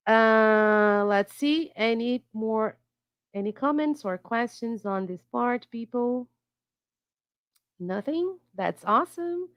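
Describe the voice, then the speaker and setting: A woman teaching English, relaxed, checking in with her students. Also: fairly high pitch, slow pace, dry recording. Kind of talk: wrapping up a class and handing over.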